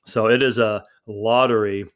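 A man with a fairly low voice talks casually on his own podcast. He rambles in a friendly, chatty way, doubling back on his words and filling pauses as he goes. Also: steady tone, fairly bright tone, clear, resonant tone. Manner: rambling, chatty, frequent fillers and restarts. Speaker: podcast host. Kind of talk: casual solo podcast talk.

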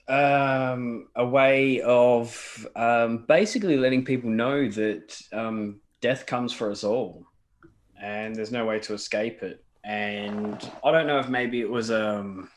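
A man co-hosting a casual podcast, rambling and swearing with lots of fillers and restarts. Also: mid-range voice. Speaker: podcast co-host. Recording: roomy echo.

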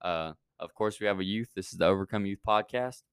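A man's voice: sits low, a little fast, clean tone, dry recording, clean studio sound. A man hosting a youth church podcast, rambling with many fillers and restarts, then praying. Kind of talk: casual chat and prayer.

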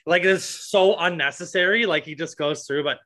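A man's voice: on the high side, moderate pace, pushed and bright. A man co-hosting a podcast, chatting casually about movies in a rambling way, with lots of fillers and swearing. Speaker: podcast co-host.

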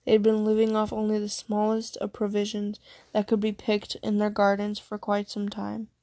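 A woman narrating a fan fiction story aloud in a steady, unhurried way. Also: medium pitch, no room sound.

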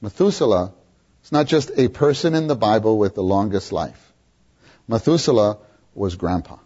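A man preaching a sermon, often questioning his listeners and repeating words for emphasis, with a husky voice, on a dull lo-fi recording. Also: on the low side, expressive, normal speed, mellow. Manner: questions the audience, emphatic repetition.

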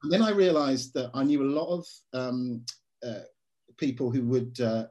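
A man, an actor being interviewed, telling stories in a lively way and slipping into voices for quotes. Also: medium pitch, normal speed. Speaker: actor guest. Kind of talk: casual interview.

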